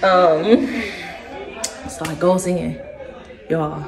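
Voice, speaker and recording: A young woman vlogger telling a personal story in a casual, animated way. She keeps addressing her listeners directly. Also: fairly low pitch, drawn-out words, a crowd in the background. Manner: acts out other people's words as she tells it.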